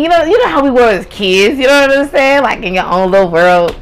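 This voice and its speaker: A woman's voice: a little high, animated, fairly quick, smooth, rough recording. Candid, profane woman telling her story. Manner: candid, profane, laughs often. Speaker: podcast host. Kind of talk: casual storytelling.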